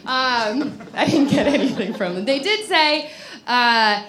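Laughing, high-voiced woman telling a story. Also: a little slow. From Los Angeles. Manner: animated, breathless, laughing through the story, acting out her own thoughts. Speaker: comedic storyteller. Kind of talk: live comedic storytelling to an audience.

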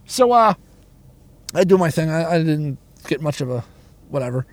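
A man's voice: on the high side, lively intonation, normal speed, no room sound. A man who does stand-up comedy, telling a story as an angry, profanity-heavy rant that stumbles and repeats itself. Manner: angry, profanity-laden, stammering.

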